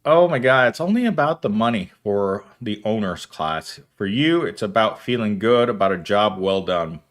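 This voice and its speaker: A man's voice: fairly low pitch, lively intonation, moderate pace. A man, hosting a casual livestream, reading viewer comments aloud and rambling with frequent laughter. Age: 30s. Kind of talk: casual chat.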